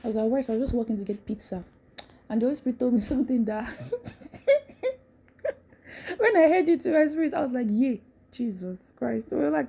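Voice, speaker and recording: A woman giving a casual devotional talk, animated, repeating phrases and laughing often. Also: a little high, gravelly, slightly rough. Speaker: Christian content creator.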